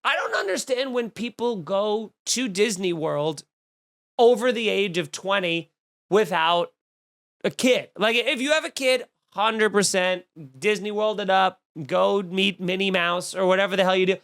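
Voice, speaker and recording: A man's voice: sits high, lively intonation, measured pace, fairly bright tone, clean tone. A man hosting a comedy podcast, riffing in a snarky, profane monologue full of mock outrage. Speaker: podcast host.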